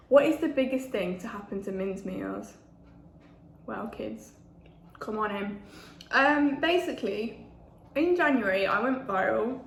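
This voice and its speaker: A woman's voice: mid-range voice, a little hiss or hum. A woman, chatting casually between bites in a food vlog. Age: 20s. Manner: chatty, eating while talking. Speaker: food vlogger. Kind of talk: casual mukbang chat. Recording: echoey room with faint ambience.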